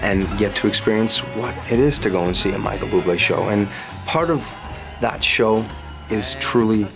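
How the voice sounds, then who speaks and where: A man's voice: lowish voice, moderate pace, gravelly, music in the background. A male singer as an interview guest, telling stories in a chatty, playful way. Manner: chatty storyteller, warm and playful. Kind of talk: casual interview chat.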